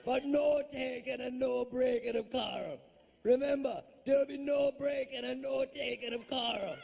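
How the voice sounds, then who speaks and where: A man's voice: very high-pitched, steady tone, normal speed, gravelly, pitched above the performer's own voice, exaggerated voice. A man voicing a stern Jamaican boat tour guide who keeps repeating the rules. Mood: insistent. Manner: repeats rules insistently, singsong.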